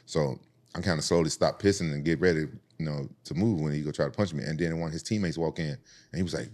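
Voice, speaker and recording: Low-voiced fast-talking man from Memphis. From Memphis, United States. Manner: animated, profane, acts out voices in stories. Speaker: podcast host telling stories. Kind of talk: casual storytelling.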